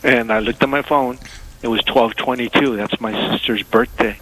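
A man calling in to a radio show by phone, telling a heartfelt story haltingly and with many hesitations. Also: medium pitch, steady tone, a bit bright, low-quality recording. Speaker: caller. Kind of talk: call-in radio talk. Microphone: phone call.

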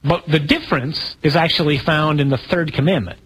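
A man preaching as a priest in a relaxed, conversational sermon, asking the audience questions and poking fun at himself. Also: on the high side, fairly quick, husky, poor audio. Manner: conversational, asks the audience questions, self-deprecating humor. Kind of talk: sermon talk to a congregation.

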